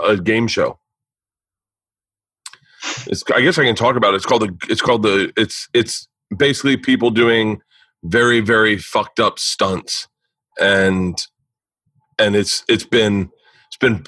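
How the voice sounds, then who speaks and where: A man's voice: on the low side, fairly even intonation, unhurried, long pauses, bright, forceful tone, dry recording. A man hosting a podcast, reading ads and chatting casually, loose and profane with stumbling restarts. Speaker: podcast host. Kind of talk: casual chat and read ads.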